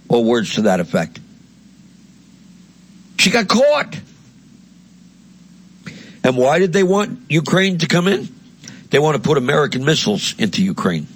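A man's voice: on the high side, huge pitch swings, unhurried, long pauses, husky. A man giving a blunt, heated political monologue, crude and mocking in tone. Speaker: political commentator. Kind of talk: impassioned monologue.

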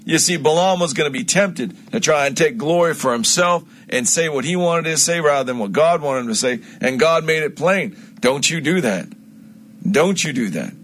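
A man giving an informal Bible teaching on his own stream, telling the story in an emphatic, animated way with frequent restarts and asides. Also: fairly high pitch, normal speed, hardly any pauses.

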